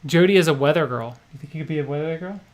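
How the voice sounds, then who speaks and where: A man's voice: fairly high pitch, very fast. A middle-aged man with a New Jersey accent, co-hosting a livestream and reading viewer comments in a laid-back, joking way. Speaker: livestream co-host.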